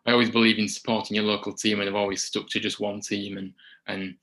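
A man's voice: lowish voice, level tone, fast talker, bright, forceful tone, rough recording. A man with a Yorkshire accent, a guest answering questions in a casual podcast interview, often stumbling and repeating his words. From Huddersfield, England. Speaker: guest, supporters group founder.

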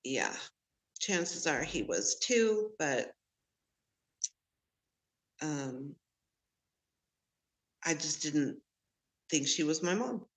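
A woman with a lowish voice recounts her story slowly and openly. She takes her time and lets the odd laugh slip in as she talks with an interviewer over a remote connection. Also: very animated. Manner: candid, unhurried storytelling with laughs. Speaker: podcast guest, medium.

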